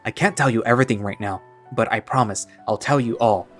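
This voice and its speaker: A man voicing a gentle, secretive male tiger who speaks softly and apologetically. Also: medium pitch, a little fast, soft background music, close to an everyday voice. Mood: apologetic. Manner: soft, apologetic, pleading.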